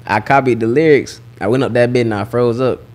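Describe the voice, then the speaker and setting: A young man with a Southern US accent, a rapper telling stories in a relaxed, slang-filled way during a casual interview. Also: medium pitch, a little fast. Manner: laid-back slang-heavy storytelling. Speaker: rapper and guest.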